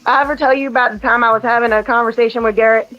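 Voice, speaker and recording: A woman's voice: a little high, rapid-fire, muffled recording, soft background music. A woman hosting a casual chat show, telling stories about her young son and acting out what he said. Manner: animated, acts out her son's quotes. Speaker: podcast host.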